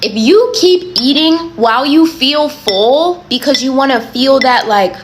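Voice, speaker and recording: A woman's voice: high voice, lively intonation, unhurried, slight background noise. A woman giving direct, coaching advice in a casual talk.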